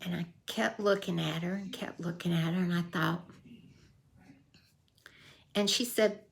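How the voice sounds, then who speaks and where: A woman's voice: lowish voice, fairly even intonation, measured pace, gravelly. An older woman telling a folksy true story in a casual vlog, acting out the voices she quotes. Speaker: vlogger.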